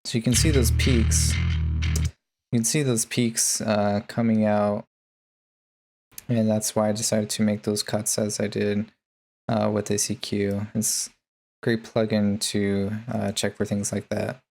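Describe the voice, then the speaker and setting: A man with a low, gravelly voice walks through his mixing chain in a relaxed tutorial. He speaks in a flat, even tone and fills his pauses with ums and uhs. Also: faint music behind. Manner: laid-back, many ums and uhs. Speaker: music producer. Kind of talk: casual tutorial narration.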